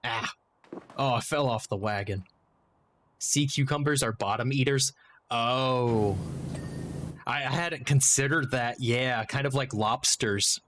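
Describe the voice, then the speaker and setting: A man's voice: medium pitch, fairly bright tone, a little hiss or hum. A man streaming a game and chatting casually, rambling and joking as he interrupts himself. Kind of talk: casual livestream chat while gaming.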